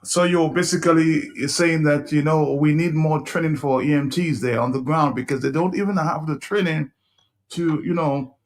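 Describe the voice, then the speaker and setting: A man's voice: a little high, moderate pace. A male radio talk show host, conversationally summing up what his guest has said. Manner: conversational, sums up the guest's points.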